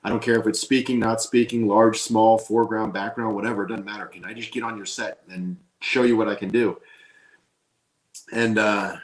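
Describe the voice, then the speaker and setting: A man's voice: fairly low pitch, steady tone, normal speed. A man, an actor being interviewed, talking in an earnest, rambling and self-deprecating way, often restarting his sentences. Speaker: actor guest. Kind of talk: casual interview chat. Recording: roomy echo.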